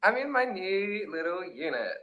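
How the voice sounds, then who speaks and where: An easygoing man chats as a guest on a video call, keeping his replies short. His fairly high voice swings widely in pitch. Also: big pitch swings, normal speed, lo-fi sound, noisy background. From Australia. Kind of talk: casual video-call chat.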